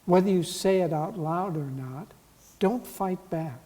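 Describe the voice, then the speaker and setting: A man serving as a spiritual teacher, giving calm, gentle advice in a talk. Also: sits high. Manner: slow, calm, gentle counsel. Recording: long hall reverb.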